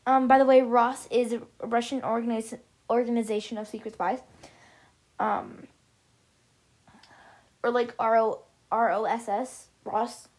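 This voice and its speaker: A woman's voice: on the high side, steady tone, a little slow, long pauses, a little mellow. Chatty woman reading her own story. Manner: chatty, stumbles and corrects herself, side comments. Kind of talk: casual read-aloud of a self-written story.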